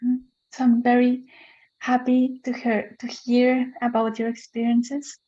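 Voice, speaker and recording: A woman leading an online workshop speaks softly and with gratitude, pausing to find her words in an even, level tone. Her voice is fairly high and comes through a muffled, dull call line. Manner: soft, slow, grateful, searching for words. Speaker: workshop facilitator. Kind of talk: warm reply to a participant. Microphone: video call. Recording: dull video call audio.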